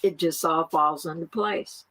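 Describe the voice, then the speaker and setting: Slow-talking middle-aged woman farmer. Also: low voice, fairly bright tone, rough recording. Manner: slow, laughs often while talking. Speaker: guest, farmer. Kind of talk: casual interview talk.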